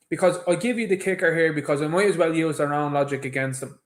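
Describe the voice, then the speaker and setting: A man's voice: fairly high pitch, fast talker. An Irish man hosting his own show, giving an emphatic, indignant opinion commentary on a clip. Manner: emphatic, indignant, mimics others mockingly. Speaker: show host.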